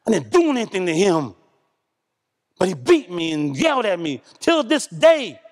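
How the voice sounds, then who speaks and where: Middle-aged male preacher from Oklahoma, high voice, animated storyteller; long hall reverb. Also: normal speed. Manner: animated, colloquial storytelling with shifts between loud and hushed. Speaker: pastor. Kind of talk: sermon. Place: church sanctuary.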